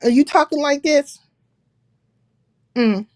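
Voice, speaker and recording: A woman's voice: sits high, slow, a little mellow, no echo. A woman hosting a livestream, casually reading out another creator's words and rebutting them with blunt, profane sarcasm. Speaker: livestream host.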